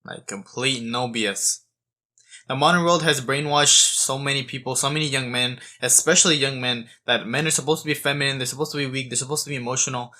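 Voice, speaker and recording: A man's voice: medium pitch, a little fast, bright, forceful tone. A man in his twenties giving a blunt, profane monologue, stumbling over restarts. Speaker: self-improvement vlogger.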